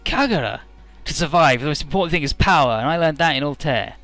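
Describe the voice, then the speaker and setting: A cocky, stubborn young rival, as a man reads him out from a game, talking in a raised, defiant voice. The lines come a little higher and louder than the reader's usual speech, over faint game music. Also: expressive, fast talker. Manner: defiant, cocky read-aloud game dialogue.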